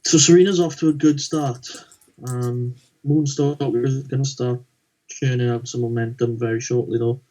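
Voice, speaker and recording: A man co-commentating a card game tournament, weighing up plays in a measured, analytical way. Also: mid-range voice, steady tone, warm tone. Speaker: esports co-commentator. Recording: dull lo-fi mic.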